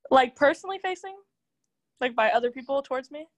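A young woman as the guest in a casual chat, talking quickly and animatedly with many "like" fillers. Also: high-pitched, expressive.

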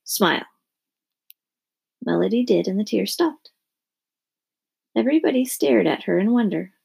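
A woman reading a children's story aloud with expressive narration. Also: mid-range voice, unhurried, creaky, breathy edge.

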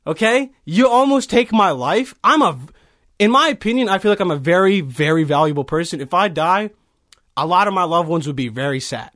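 A man's voice: high-pitched, lively intonation, brisk, fairly bright tone. A man in his early twenties, from Bosnia, telling a heated, profane story in casual chat. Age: early 20s.

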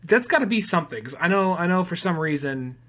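Man, podcast co-host; bright, a touch high, loose rambling delivery with casual swearing. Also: expressive, fast. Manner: rambling, many fillers and restarts, profane. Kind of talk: casual chat.

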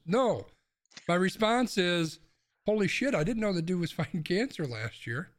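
A man rants hotly on a casual sports podcast, swearing as he goes. His voice sits a little high for a man. He talks from a room at home. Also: very animated, a little slow, fairly bright tone. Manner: heated, swearing, ranting. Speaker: podcast co-host. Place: home room with windows open.

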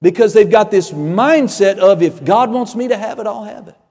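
A man preaching a sermon with fervor, building to shouts and acting out voices of Bible figures. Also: sits high, moderate pace, in a large hall.

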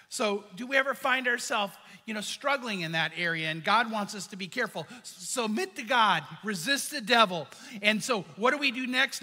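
A male pastor delivers a sermon in a bright, ringing, high-pitched voice. He speaks earnestly and conversationally, peppering the congregation with rhetorical questions. His voice carries a long reverb tail from a large church sanctuary.

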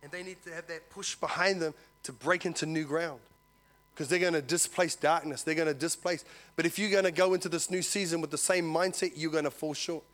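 A man's voice: fairly high pitch, brisk. A male pastor, preaching a sermon to his church, telling a story and acting out the voices in it. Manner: animated storytelling, acts out dialogue, asks congregation "Amen?".

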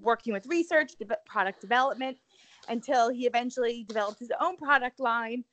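A woman's voice: on the high side, fairly quick, a bit bright, dry recording. A woman co-hosting a podcast in casual, upbeat chat full of fillers. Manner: chatty, upbeat, filler-heavy. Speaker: podcast co-host.

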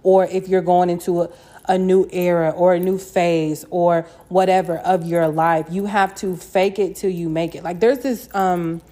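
A woman's voice: fairly low pitch, flat delivery, moderate pace, mellow. A young woman hosting a solo podcast, chatting casually with a candid, slangy and profane manner. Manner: candid, slangy and profane, often says "you know what I mean". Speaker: podcast host.

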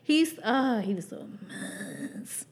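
A woman's voice: medium pitch, animated, takes it slowly, gravelly, slightly rough. A young woman hosting a casual podcast, telling a profane, laughing childhood story and acting out the people in it. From Pennsylvania. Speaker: podcast host.

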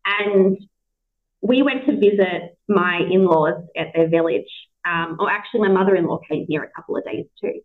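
A woman's voice: on the low side, normal speed. A woman with an Australian accent hosting a casual interview, chatty and full of anecdotes, heard over a video call. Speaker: podcast host. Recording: tinny phone-like call audio.

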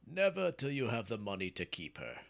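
A man's voice: lowish voice, wildly swooping pitch, moderate pace, gravelly, sharp tone, voice pushed up, exaggerated voice. A man voicing a stern, curt old father in a folk tale reading. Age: older.

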